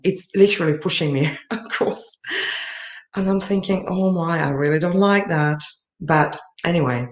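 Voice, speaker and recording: A woman's voice: low voice, a little mellow. Earnest woman telling a story, echoey. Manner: earnest storytelling with many fillers and restarts. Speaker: summit speaker. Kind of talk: personal story talk. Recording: echoey room.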